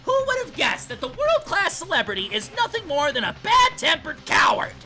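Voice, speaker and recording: A man's voice: very high voice, huge pitch swings, moderate pace, music in the background, pitched above the performer's own voice, exaggerated voice. A man voicing a spiteful, gleeful male bear from a video game, reading the lines aloud in a taunting, cackling manner. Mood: gloating.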